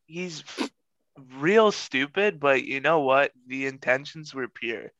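A man's voice: mid-range voice, expressive, a bit bright, no room sound. A man in a casual chat who laughs and chimes in with short remarks, heard with a dull, muffled sound. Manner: reacting with laughter and quick interjections.

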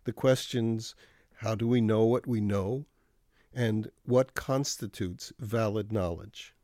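Man, radio commentary, slow unhurried pace, wry and dry, close dry sound. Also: fairly low pitch, mellow, no echo. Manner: dry, wry, measured delivery.

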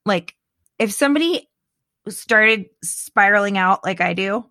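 Middle-aged female co-host, chatty and animated, frequent laughs and restarts, dry recording. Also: medium pitch, a little slow, no room sound. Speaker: podcast co-host. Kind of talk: casual chat.

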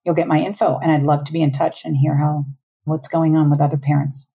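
A woman in her forties with a low, dark, mellow voice. She talks earnestly and casually as a parenting coach on a podcast and laughs often. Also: flat delivery, fairly quick, vocal fry, slightly rough. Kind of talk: casual interview talk.

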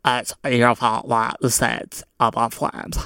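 A man's voice: mid-range voice, level tone, takes it slowly, gravelly, pushed and bright, smooth, no room sound, clean studio sound, exaggerated voice. A man doing a mocking impression of a dismissive male politician, with a dumb, whiny, blaming tone.

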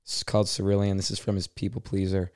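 A man's voice: sits low, monotone, fast, darkish tone, no room sound. A man hosting a casual chat, introducing comedy clips and swearing casually. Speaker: podcast host playing comedy clips.

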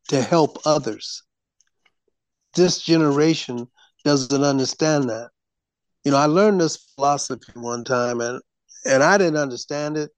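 A man hosting a show, giving slow, lecturing commentary to his audience. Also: mid-range voice, no room sound. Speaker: host. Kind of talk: preachy commentary.

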